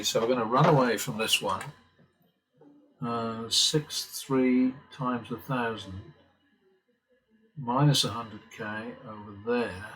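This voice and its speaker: Male host, casual, mutters through the math with dry asides and the odd curse; mid-pitched voice. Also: a bit bright, low-quality recording. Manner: muttering calculations, occasional swearing, wry asides. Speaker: blackjack strategy channel host. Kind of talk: casual commentary while playing simulated blackjack.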